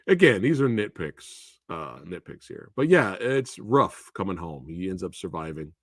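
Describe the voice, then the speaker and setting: Low-voiced guy hosting a movie chat, voice bouncing all over, goes into silly high voices when quoting folks. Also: moderate pace, no room sound, studio quality. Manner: animated, jumps into high exaggerated quoted voices. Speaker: host of a movie review show. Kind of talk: casual live review chat.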